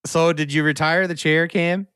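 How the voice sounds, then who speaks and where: Canadian guy teasing his buddies, bit high voice, dry jokes, dry mic. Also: fairly even intonation, normal speed, sharp tone, clear, resonant tone, no room sound. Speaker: podcast co-host. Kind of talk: casual chat.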